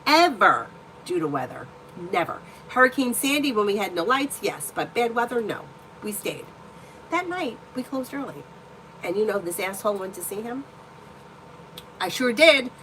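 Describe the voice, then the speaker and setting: A woman's voice: medium pitch, sing-song, normal speed, a bit bright, a little hiss or hum, poor audio. A woman hosting a live tarot stream who chats casually and tells personal stories bluntly, swearing freely. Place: indoor room at home.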